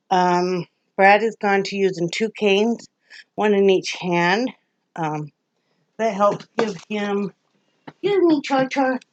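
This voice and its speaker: An older woman from Wyoming, USA, vlogs to her viewers in casual, rambling chat, emotional and quick to laugh. Her voice is on the low side, with no echo.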